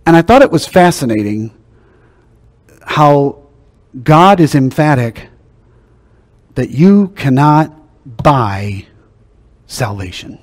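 An older man preaching a sermon as pastor, emphatic, slowing down and dropping his voice to drive key points home. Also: fairly high pitch, big pitch swings. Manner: emphatic, slows down and drops to a hush for key points. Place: church sanctuary. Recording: long hall reverb.

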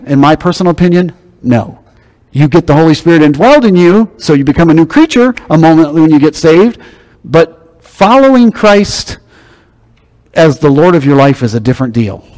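A man's voice: a little high, expressive, normal speed, darkish tone. A man preaching a sermon, teaching in a conversational, emphatic way. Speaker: pastor.

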